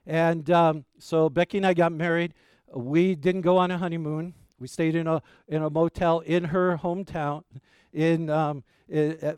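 A man's voice: on the high side, a little mellow, clear, resonant tone, dry recording, clean studio sound. A middle-aged male pastor preaching a sermon, telling family stories in a folksy, rambling way with many fillers.

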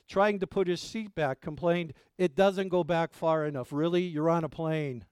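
A male pastor preaching a sermon in a conversational way, asking his congregation rhetorical questions and swinging between loud emphatic lines and quiet asides. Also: high-pitched, clean tone, dry recording, studio quality.

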